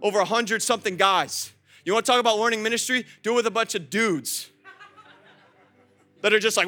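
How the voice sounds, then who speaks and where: A young man preaching a sermon, animated, swinging between loud calls and soft asides and talking straight to the congregation. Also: high-pitched, fairly quick, faint music behind. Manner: acts out quoted voices, chats with the congregation. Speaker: pastor.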